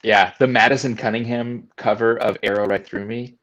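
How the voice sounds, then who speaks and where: Lower-voiced man in joking banter. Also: fairly even intonation, normal speed, a bit bright. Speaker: band member co-hosting a livestream. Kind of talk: casual livestream chat.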